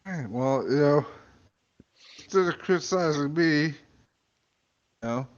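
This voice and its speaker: A man's voice: fairly high pitch, a little slow, muffled recording. A man, a podcast host, reading a comic story aloud and tripping over words. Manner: stumbling, self-correcting reading.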